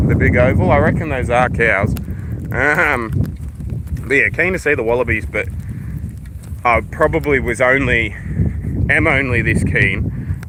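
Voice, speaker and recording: An Australian man chats on a livestream as he strolls through a park, his voice sitting at an ordinary pitch. He rambles easily and swears without a second thought. Outdoor noise is plainly heard around his phone mic. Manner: laid-back, rambling, swears freely. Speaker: livestream host. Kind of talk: casual walking livestream chat.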